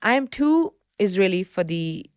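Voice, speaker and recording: A woman's voice: mid-range voice, no echo, clean studio sound. A woman raised in India in her thirties, talking candidly and expressively as a podcast guest. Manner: heartfelt, expressive, quick to laugh. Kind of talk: candid interview talk.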